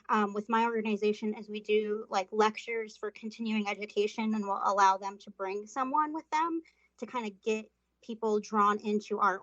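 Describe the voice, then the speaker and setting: A woman's voice: mid-range voice, a bit bright, no room sound. A woman from Florida who manages volunteers talks earnestly as a guest on a podcast. Her answers are full of ums, and the sound is dry and somewhat dull, like a remote call. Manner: earnest, many um fillers. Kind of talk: interview answers.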